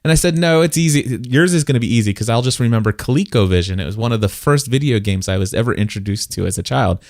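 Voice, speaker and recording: A middle-aged man with a fairly low voice hosts a casual podcast chat. He tells stories and turns lively when he quotes people. The sound is dry and close. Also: fast talker, dry recording. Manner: storytelling, animated when quoting people. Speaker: podcast host.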